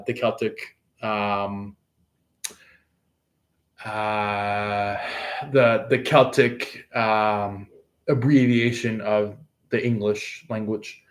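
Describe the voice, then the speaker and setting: A man giving a casual astrology reading to his viewers, rambling and hesitant, with many fillers and restarts. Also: lowish voice. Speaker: tarot reader.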